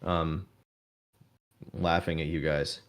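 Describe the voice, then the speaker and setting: A man narrating as game master of a tabletop game, relaxed and breaking into laughter now and then. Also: extremely low pitch, slow, slight background noise.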